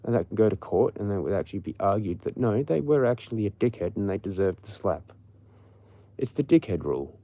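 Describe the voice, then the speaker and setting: Brief: Australian man, livestream host, low mellow voice, rambling profane rant. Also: expressive, brisk, no room sound. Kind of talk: late-night casual rant.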